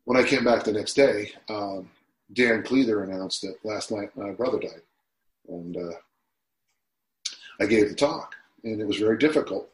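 A man's voice: fairly low pitch, moderate pace, long pauses. Reflective man in his sixties, roomy sound. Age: 60s. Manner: reflective, emotional at times. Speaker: guest. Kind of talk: podcast interview. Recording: roomy echo.

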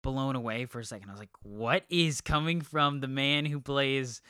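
A man's voice: mid-range voice, normal speed, pushed and bright, clear, resonant tone, no echo, studio quality. A man co-hosting a movie podcast, chatting casually with many ums and restarts. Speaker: podcast co-host. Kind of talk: casual chat.

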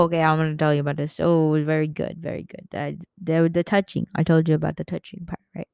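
A woman's voice: low voice, little pitch movement, quick pace, gravelly, few pauses, a little mellow, clean tone, no echo. A young woman hosting a casual solo podcast, giggling often and rambling as she loses her train of thought. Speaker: podcast host.

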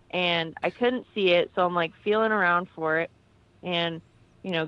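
A woman, an army veteran, telling a lively story as a podcast guest and jumping into a high yelp when she quotes herself. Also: no room sound, dull audio. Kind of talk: casual anecdote on a podcast.

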